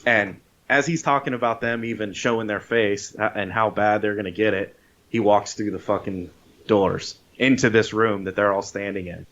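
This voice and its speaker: A man on a podcast casually retelling a movie scene, animated, swearing freely and acting out the lines. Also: fairly low pitch, moderate pace. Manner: animated storyteller, swears freely, acts out quotes. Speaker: podcast co-host. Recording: dull lo-fi podcast audio.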